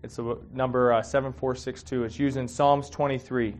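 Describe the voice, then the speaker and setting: A man's voice: mid-range voice, level tone, a little fast, slight background noise. A man giving a casual, heartfelt sermon, talking conversationally with many fillers and getting emotional. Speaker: preacher.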